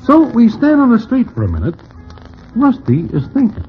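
A man's voice: very high-pitched, huge pitch swings, normal speed, faint music behind, exaggerated voice. An actor narrating wryly and playing a fussy, fearful Broadway man in 1940s radio acting. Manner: wry storytelling narration, anxious pleading in scenes. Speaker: narrator and character. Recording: dull, hissy old radio recording.

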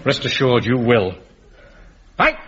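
A man's voice: medium pitch, sing-song, slow, a bit bright. A man playing a pompous, self-important middle-aged bank manager and platoon captain. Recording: dull lo-fi radio recording with hiss.

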